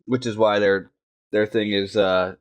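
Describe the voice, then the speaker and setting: A man's voice: fairly low pitch, a little slow. A man co-hosting a podcast, casually retelling a book's plot with a joking manner. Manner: relaxed retelling of the story, jokey. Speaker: podcast co-host. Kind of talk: casual book discussion.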